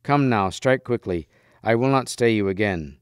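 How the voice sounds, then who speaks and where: A brave young knight speaking with earnest resolve, as a man reading a storybook aloud plays him. The voice is lowish, smooth and clear, recorded close and dry. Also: normal speed, dry recording, close to an everyday voice. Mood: resolute.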